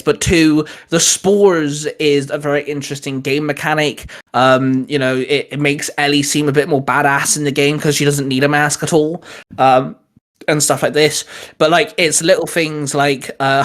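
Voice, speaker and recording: A podcast host talks in a loose, rambling way, full of filler words. His voice sits a little high for a man and stays flat, with little rise and fall. He keeps the chat casual throughout. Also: moderate pace.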